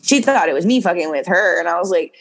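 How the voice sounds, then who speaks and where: A woman in her twenties chatting casually in a podcast studio, telling a story in an animated, slangy and profane way. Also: fairly low pitch, quick pace.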